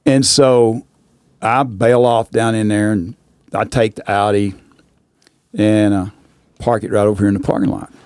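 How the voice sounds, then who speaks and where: A man's voice: on the low side, little pitch movement, measured pace, pauses often, a little mellow, clear, resonant tone, no room sound, clean studio sound. A man, telling a rambling anecdote in a drawling voice and repeating "I said" often. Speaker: rodeo announcer and guest. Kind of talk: casual storytelling.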